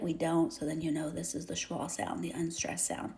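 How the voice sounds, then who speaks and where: A woman's voice: deep voice, steady tone, normal speed, vocal fry, a little mellow. A woman teaching a phonics lesson, explaining step by step in a patient manner that often drops to a half-whisper. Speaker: reading teacher.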